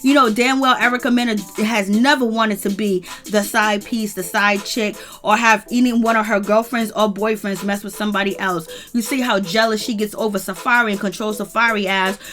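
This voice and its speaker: A woman's voice: medium pitch, fairly even intonation, brisk, few pauses, fairly bright tone, faint music behind. A woman hosting a reality TV recap in casual gossip style, opinionated and chatty, with lots of "you know" fillers.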